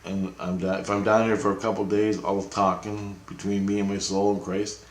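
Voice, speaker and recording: A man rambling through a personal story, acting out the voices in his tale with a lifted pitch. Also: flat delivery, normal speed. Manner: acts out quoted dialogue with a raised voice; loose, meandering, with frequent restarts. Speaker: vlogger recounting dreams. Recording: roomy, echoey room.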